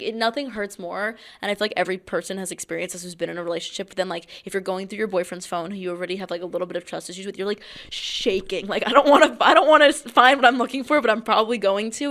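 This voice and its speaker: A woman in her twenties is chatting at a brisk clip, hosting a casual podcast. She tells her stories in a lively way and acts out what people said. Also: mid-range voice. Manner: animated storyteller, acts out quotes. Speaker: podcast host. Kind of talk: casual chat.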